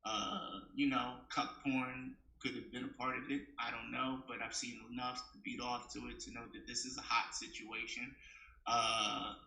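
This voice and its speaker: A young adult man doing stand-up comedy, telling a story and acting out the other people's lines in an animated way. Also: mid-range voice, normal speed, creaky. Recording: echoey room.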